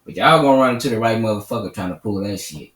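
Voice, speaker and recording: Combative channel host, profane and preachy, sounds off-mic in an echoey room. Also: male voice, lowish voice, animated, fast talker, a bit bright. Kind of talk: angry commentary rant. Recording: roomy echo, mic at a distance.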